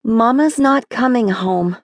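A woman's voice: fairly high pitch, no room sound, clean studio sound, pitched above the performer's own voice. A woman doing a blunt, bossy teenage girl. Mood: exasperated. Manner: brisk, scolding. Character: sharp-tongued seventeen-year-old girl, blunt and bossy.

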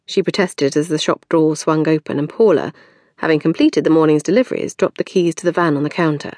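A woman's voice: sits low, brisk, dry recording. A woman narrating a novel as an audiobook reader, telling the story expressively in a recording studio. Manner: expressive storytelling, varied intonation.

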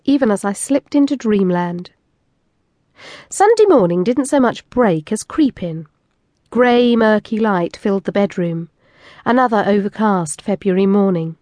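A woman narrates a first-person erotic audiobook in an intimate, expressive way. Her voice sits in the middle range. The recording is dry and close, with no room echo. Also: medium pitch.

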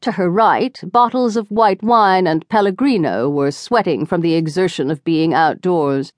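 A woman reading a novel aloud as audiobook narrator, in an expressive scripted narration from a close studio mic. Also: fairly low pitch, unhurried, no echo.

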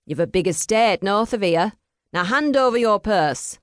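A woman narrator voicing a gruff, threatening male trickster who holds a pistol, in an audiobook. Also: medium pitch, animated, moderate pace, no echo, clean studio sound, voice pushed up, natural voice. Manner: gruff, demanding. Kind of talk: audiobook character voice.

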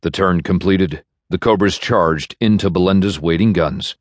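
A man narrating an audiobook in a measured, even storytelling manner, recorded in a studio. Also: sits low, no echo. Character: bitter man navigator. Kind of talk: scripted narration. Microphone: studio microphone.

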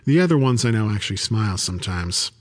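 A male audiobook narrator voicing a woman friend hosting a dinner party, fond and gently teasing. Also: lowish voice, animated, quick pace. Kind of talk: audiobook character voice.

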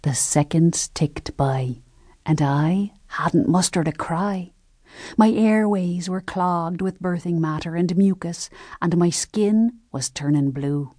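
A woman narrating a historical novel as an audiobook, telling the story in a measured, gentle first-person voice. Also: fairly low pitch, dry recording, clean studio sound.

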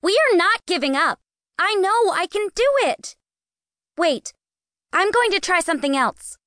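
A woman doing a high, petulant teen girl. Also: expressive, slow pace, clear, resonant tone, no echo, clean studio sound. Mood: fierce. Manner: petulant, then fiercely determined. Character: proud, pouting teenage girl.

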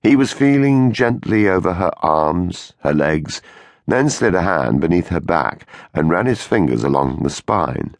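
Male thriller narrator: very deep, lively melody, dry studio sound, measured and suspenseful. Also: dry recording. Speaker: audiobook narrator. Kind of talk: scripted audiobook narration. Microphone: close studio mic.

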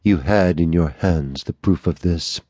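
A man's voice: low-pitched, unhurried, darkish tone, no echo. A male audiobook narrator voicing a frightened notary of about fifty who speaks in a gloomy, trembling, pleading voice. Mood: fearful.

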